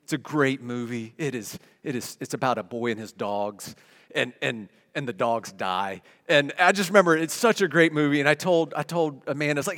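A middle-aged pastor with a high-pitched voice preaches a sermon. He talks conversationally to his congregation, then builds into emphatic declarations. The sound carries a long reverb tail from the church hall. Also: animated, brisk, a bit bright. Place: church sanctuary.

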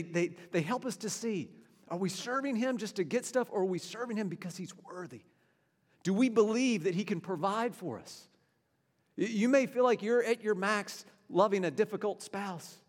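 A man in his forties preaching a sermon, earnest and conversational, often repeating and restarting his words. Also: fairly high pitch. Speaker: pastor. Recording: long hall reverb.

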